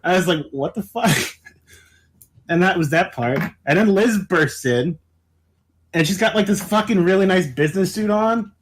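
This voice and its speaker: Higher-voiced man telling a wild story. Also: measured pace. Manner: animated, laughing often, heavy swearing. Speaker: podcast co-host. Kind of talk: casual storytelling chat.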